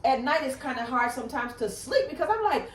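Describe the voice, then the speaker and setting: A woman in her forties co-hosting a casual chat, emphatic and expressive as she talks about worrying over her grown children. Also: high-pitched, brisk, recorded from a distance. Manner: emphatic, quotes her kids in playful voices. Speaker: podcast co-host. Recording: echoey room, off-mic.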